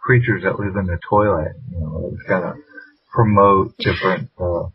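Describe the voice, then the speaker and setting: A man's voice: low voice, steady tone, moderate pace, breathy edge. A man co-hosting a podcast, dropping dry interjections in casual chat. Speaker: podcast co-host. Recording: distant, dull lo-fi mic.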